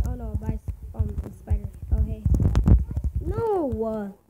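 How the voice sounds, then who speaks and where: A young woman giving casual, excitable commentary while playing a video game with a friend, often yelping and laughing. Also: a little high, slow pace. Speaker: gaming video host. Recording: loud background noise.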